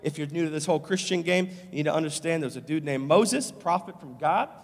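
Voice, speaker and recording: A male pastor preaching a sermon in a casual, slangy way, moving between quiet asides and loud proclamation. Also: fairly high pitch, a little fast, vocal fry. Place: large church sanctuary. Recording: long hall reverb.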